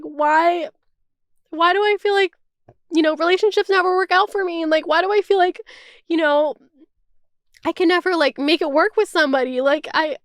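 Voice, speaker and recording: A woman's voice: high-pitched, no room sound, clean studio sound. A woman in her twenties talking casually to camera, chatty and full of "like" and swearing. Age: 20s. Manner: chatty, swears freely, heavy use of "like". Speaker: vlogger. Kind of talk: casual chat.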